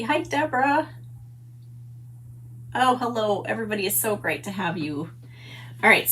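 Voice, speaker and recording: A woman's voice: mid-range voice, slight background noise. A middle-aged woman hosting a papercraft livestream, chatty and gushing as she greets viewers by name. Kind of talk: casual livestream chat. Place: home stamp room.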